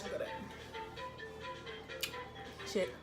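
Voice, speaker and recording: Casual woman, home eating vlog, talking to viewers while she eats, music playing behind her. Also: drawn-out words. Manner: chatty, talks to viewers between bites. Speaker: mother and mukbang vlogger. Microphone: phone on a tripod.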